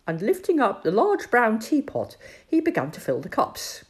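A woman reading a children's storybook aloud, expressive and lively. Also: a little high, moderate pace, husky.

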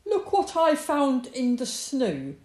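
A woman plays a sly, sharp-tongued male fox from a storybook, snapping and sneering. The voice bounces around a roomy space. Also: medium pitch, huge pitch swings, a little slow. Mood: soft. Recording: roomy echo.

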